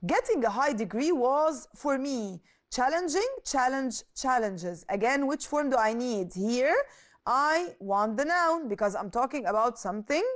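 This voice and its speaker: A woman teaching an English lesson, asking questions and answering them herself, and adding quick translations in Arabic. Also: sits high, lively intonation. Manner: switches into Arabic to translate words. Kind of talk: explaining a lesson.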